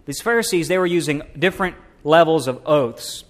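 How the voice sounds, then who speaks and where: A man's voice: fairly high pitch, lively intonation, normal speed, hardly any pauses. A middle-aged man, preaching a sermon in a church with rising emphasis and rhetorical questions. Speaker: pastor. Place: church sanctuary.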